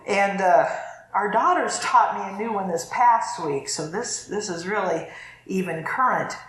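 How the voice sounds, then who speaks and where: A woman's voice: medium pitch, unhurried, fairly bright tone. A middle-aged woman pastor giving a chatty, conversational sermon and laughing easily. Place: church sanctuary. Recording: echoey church room.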